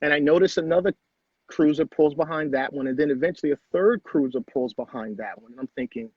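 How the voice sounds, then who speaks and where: A middle-aged man speaks in a husky, somewhat high voice, telling his own story with earnest emphasis and repeated phrases. The sound is dry and close, with a dull, lo-fi home-recording quality. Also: quick pace, no room sound. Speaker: guest. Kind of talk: personal storytelling in conversation.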